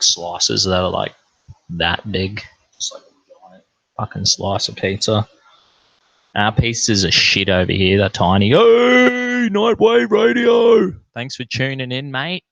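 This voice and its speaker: Gravelly Australian bloke rambling on a stream. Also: male voice, on the low side, pushed and bright, no echo, dull audio. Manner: swearing, slangy, rambling anecdotes with acted-out quotes. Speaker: livestream host reading chat comments. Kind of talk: casual livestream chat and storytelling.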